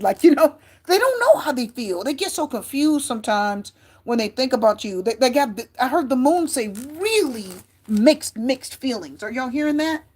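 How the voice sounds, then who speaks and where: Tarot reader, woman, high-pitched, chatty and repetitive, talks straight to viewers. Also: lively intonation, normal speed, slightly rough. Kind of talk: casual tarot reading to camera.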